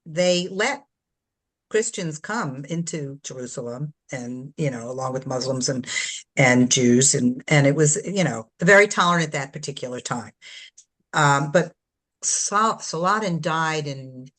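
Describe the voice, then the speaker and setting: Low-voiced older woman author, rambling. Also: lively intonation, unhurried, fairly bright tone. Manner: rambling, searching for words, many fillers. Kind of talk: casual book discussion.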